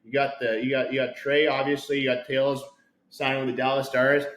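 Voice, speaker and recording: A man's voice: medium pitch, level tone, fairly quick, fairly bright tone, roomy sound, poor audio. A man hosting a podcast, rambling and hyped, repeating himself as he chats casually. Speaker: podcast host. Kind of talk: casual chat.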